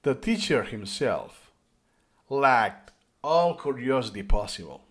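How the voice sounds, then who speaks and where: A man in his own video commentary, speaking as an educator with a mid-range voice. His intonation rises and falls in lively swings. He is emphatic and often backs up to rephrase mid-sentence. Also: mid-range voice, slow pace. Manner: animated, emphatic, restarts phrases. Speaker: educator and tutor. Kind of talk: talking-head commentary on learning.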